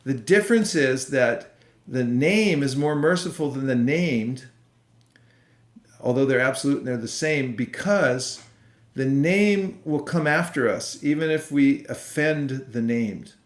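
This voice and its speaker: Man giving a relaxed spiritual lecture, roomy sound. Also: mid-range voice. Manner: unhurried, conversational, with frequent fillers. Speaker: temple speaker. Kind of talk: online devotional lecture with live questions.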